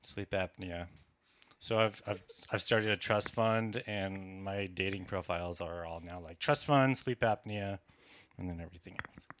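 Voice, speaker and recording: A man's voice: low voice, flat delivery, moderate pace, fairly bright tone, a little hiss or hum. A man doing a stand-up set, ranting in an exasperated, profane way. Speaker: stand-up comedian. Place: comedy club stage.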